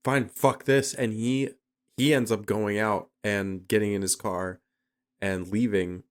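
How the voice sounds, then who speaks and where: A woman's voice: very deep voice, fairly even intonation, measured pace. A woman co-hosting a podcast, chiming in on a film recap with profane, laughing casual commentary. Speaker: podcast co-host. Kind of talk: casual movie recap chat.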